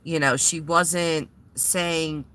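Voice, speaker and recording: A woman talks straight to her viewers in a loose, rambling vlog. Her voice is bright and a little tense, and she sounds shaken as she keeps stopping and restarting. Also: deep voice, fairly even intonation, drawn-out words, smooth. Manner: rambling and shaken, many fillers. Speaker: vlogger. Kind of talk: casual vlog retelling.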